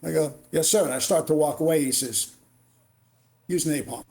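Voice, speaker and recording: Animated retired Marine telling war stories. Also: male voice, on the high side, normal speed. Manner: animated war storyteller, acts out dialogue. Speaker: podcast guest, retired Marine warrant officer. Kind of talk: storytelling interview.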